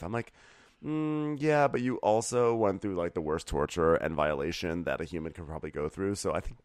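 A man's voice: sits low, fairly quick, no echo, clean studio sound. A man co-hosting a podcast, recapping a TV episode with wry, riffing jokes. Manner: wry, riffs on scenes with pop-culture jokes. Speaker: podcast co-host. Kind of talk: casual comedic TV recap.

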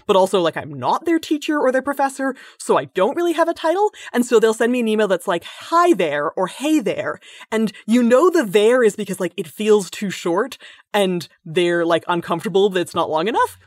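A woman talking in a casual interview as a guest, animated, acting out what others say in playful voices. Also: medium pitch, fast talker, no echo. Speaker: guest linguist.

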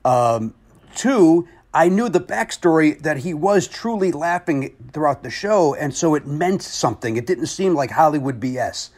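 A comedian and game show host telling a story in casual conversation, animated and self-deprecating. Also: male voice, a little high, moderate pace.

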